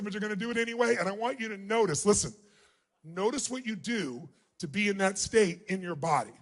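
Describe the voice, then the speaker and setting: A middle-aged man leads a live seminar in a vast arena. His voice sits unusually high, and it stays booming and commanding as he drives the crowd to shout their answers back at him. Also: a little fast. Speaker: motivational speaker. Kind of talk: live seminar talk to a large audience. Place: large arena.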